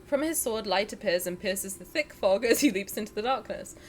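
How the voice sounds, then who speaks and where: A woman's voice: mid-range voice, animated, brisk, a little hiss or hum. A young woman streaming, chatting casually with crude jokes and lots of giggling, and reading story text aloud between remarks. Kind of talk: casual reaction stream chat.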